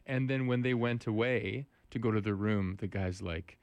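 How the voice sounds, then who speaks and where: A man's voice: lowish voice, normal speed, a little mellow, no room sound. A man co-hosting a casual conversation, telling rambling anecdotes full of restarts. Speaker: podcast co-host.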